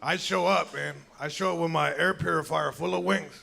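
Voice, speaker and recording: A man's voice: on the high side, fairly even intonation, normal speed, creaky, heavy background noise. A young man doing a stand-up comedy set, telling a story casually and acting out both sides of the dialogue. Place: comedy show venue with live audience. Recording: loud crowd laughter.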